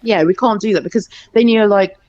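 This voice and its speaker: A woman's voice: mid-range voice, a little fast, dull audio, crowd noise. A woman hosting a casual group chat on a stream, teasing and laughing often. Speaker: stream host.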